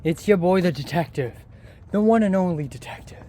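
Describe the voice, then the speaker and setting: A young man putting on the voice of a grandiose male detective, loud and theatrical, out on an empty street at night. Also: animated, fairly quick. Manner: loud, theatrical, booming announcer delivery.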